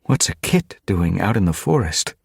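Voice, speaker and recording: A man voicing a gentle, injured she-cat healer. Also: low-pitched, sing-song, moderate pace, creaky, slightly rough, no room sound, studio quality, voice pushed up, heavily acted. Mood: concerned. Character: injured female medicine cat, gentle and calm.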